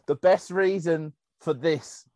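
A man's voice: fairly high pitch, slow, no room sound. A man, co-hosting a casual football podcast and telling stories with bursts of laughter. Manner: animated, laughing storyteller. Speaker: podcast co-host.

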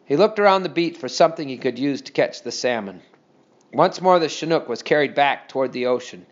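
A man reading a children's story aloud with steady, expressive storytelling. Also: medium pitch, a little fast. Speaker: narrator. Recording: dull lo-fi recording.

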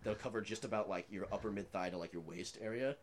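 A man's voice: lowish voice, fast. A man in his twenties telling prank stories in a casual chat, rambling with lots of filler words and laughing as he goes.

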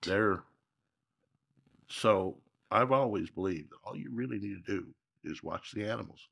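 A man's voice: lowish voice, measured pace, vocal fry, fairly bright tone, breathy edge. A man from Minnesota, a guest telling stories in a casual interview, reflective and folksy with emphatic repeats.

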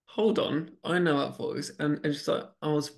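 Man, higher voice, flat delivery. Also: moderate pace, gravelly. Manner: chatty, with frequent restarts and repeated words. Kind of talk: casual storytelling conversation.

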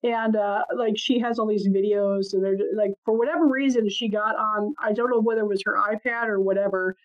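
A woman's voice: medium pitch, steady tone, fairly quick. A woman podcast co-host in casual chat, telling family stories and swearing freely. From Ohio. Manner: chatty storyteller, swears freely. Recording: muffled lo-fi audio.

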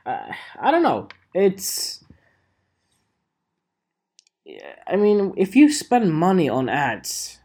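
A man's voice: fairly high pitch, darkish tone. A man talking casually to his viewers as a photographer, rambling with wry, self-mocking asides. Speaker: photographer vlogger. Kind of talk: casual monologue to camera.

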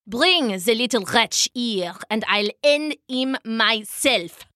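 A furious, greedy king from a storybook, shrieking his orders in a high voice that leaps about wildly, as a woman puts him on. The recording is dry and close. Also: lively intonation, slow pace, pushed and bright, no echo, full character voice. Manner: shrieking, blustering. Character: greedy raging male king.

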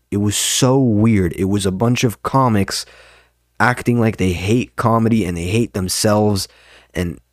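Deep-voiced young man ranting casually. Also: a little mellow, dry recording, studio quality. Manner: rambling, profane, ranting. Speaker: podcast host, open mic comedian. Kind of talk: casual monologue.

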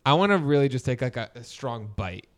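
A man's voice: medium pitch, sing-song, a little fast. A man co-hosting a casual podcast chat, playful and joking. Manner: playful, hums and scats along. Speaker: podcast co-host.

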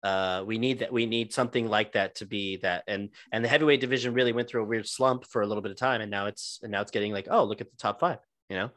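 A man's voice: fairly low pitch, fairly even intonation, fast, few pauses, fairly bright tone, no room sound, clean studio sound. A man co-hosting a casual podcast, talking in a laid-back, rambling way with fillers and swearing. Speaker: podcast co-host. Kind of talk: casual chat.

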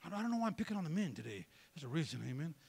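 A man preaching a sermon in an animated way, throwing joking asides to the congregation. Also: fairly high pitch, very fast, gravelly, breathy edge. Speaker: pastor.

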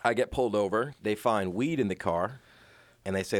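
Young man, low-pitched, dry sound, swearing storyteller who acts out quotes. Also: normal speed, dry recording. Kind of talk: casual chat.

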